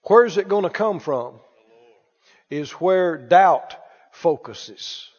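A man preaching a lively sermon, calling out to the congregation and acting out anxious voices. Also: high voice, slow pace. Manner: animated, calls for responses, acts out worried voices. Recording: dull echoey hall recording.

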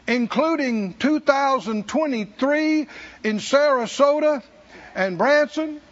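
A man's voice: extremely high pitch, lively intonation, measured pace, muffled recording. A man preaching a sermon as pastor, emphatic and repetitive in a church.

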